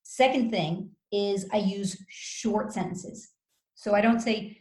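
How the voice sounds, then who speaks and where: A woman working as a communication coach gives advice in an interview, in a measured, instructive way. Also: mid-range voice. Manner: measured, instructive, acts out calm example phrases. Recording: roomy echo.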